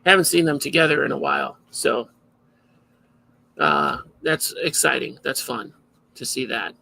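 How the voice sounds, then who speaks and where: Male podcast host, very gravelly, bright edge, rambling casual delivery. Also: medium pitch, big pitch swings, unhurried, a little hiss or hum, poor audio. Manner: rambling, loose and self-interrupting. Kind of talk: casual live podcast chat.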